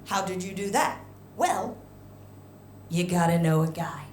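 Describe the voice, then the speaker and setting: An American woman performing a stand-up comedy set, telling a story with lively swings into high, indignant outbursts. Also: unhurried, slight background noise. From United States. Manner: animated storytelling, voice jumps high when indignant. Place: theatre stage before a live audience. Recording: roomy live venue with crowd laughter.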